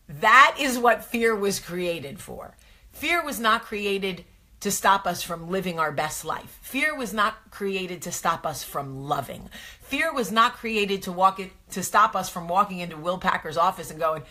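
A woman's voice: medium pitch, expressive, moderate pace, sharp tone. A woman host, talking casually and animatedly to her viewers, asking rhetorical questions. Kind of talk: casual motivational talk to viewers.

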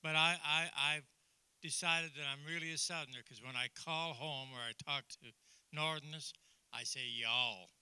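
A man's voice: medium pitch, fairly even intonation, moderate pace, sharp tone, smooth, no room sound. A man from Canada, a pastor speaking to a church congregation in a jokey, earnest, encouraging way. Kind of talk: informal church talk.

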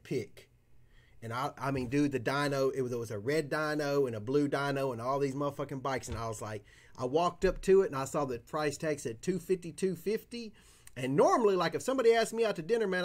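A man hosting a card-opening livestream, chatting casually in a profane, boisterous way. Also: medium pitch. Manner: profane, boisterous, whoops loudly at big pulls. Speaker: card-breaking livestream host. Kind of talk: casual chat while opening trading cards.

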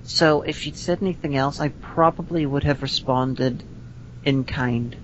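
A woman from Northern Ireland with a Northern Irish accent, co-hosting a podcast in casual chat, rambling with frequent restarts and dry humor. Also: a little slow. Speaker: podcast co-host. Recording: slightly dull lo-fi audio with faint rumble.

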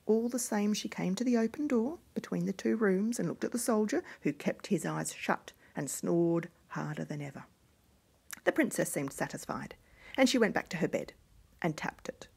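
A woman reading a fairy tale aloud in a hushed voice that often drops to a whisper. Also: medium pitch, expressive, moderate pace, creaky, slightly rough. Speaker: storyteller.

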